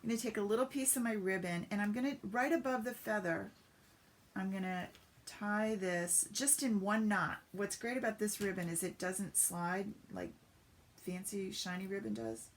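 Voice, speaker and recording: A woman's voice: medium pitch, normal speed, a little hiss or hum. A woman giving a chatty step-by-step craft demonstration on a live stream, greeting viewers as she works. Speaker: papercraft demonstrator.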